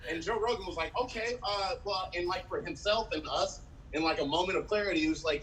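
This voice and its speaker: A man from San Diego performing an animated stand-up set, swearing freely and acting out quotes. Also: fairly high pitch, brisk, far from the mic, a little hiss or hum, low-quality recording. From San Diego, USA. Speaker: stand-up comedian. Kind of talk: live-streamed stand-up set.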